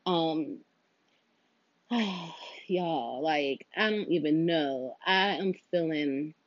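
Woman talking heavy and earnest, kinda low voice, dry dull-ish audio. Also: drawn-out words, dry recording. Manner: heavy, emotional, venting, earnest. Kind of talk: personal monologue.

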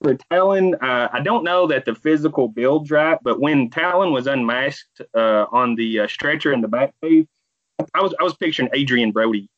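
A man chatting casually on a podcast, relaxed and easygoing with filler words. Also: mid-range voice, normal speed, dry recording, highs cut off. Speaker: podcast co-host. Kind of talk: casual chat.

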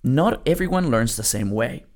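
A man's voice: medium pitch, expressive, normal speed, a little mellow. A man hosting a motivational podcast on network marketing, talking bluntly and casually, swearing now and then and repeating lines for punch.

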